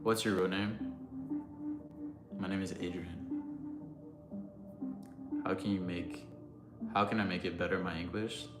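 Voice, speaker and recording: A man's voice: sits low, fairly even intonation, a little slow, pauses often. A young man casually chatting on a livestream, answering chat in a loose, rambling way with lots of fillers. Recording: roomy sound with music behind.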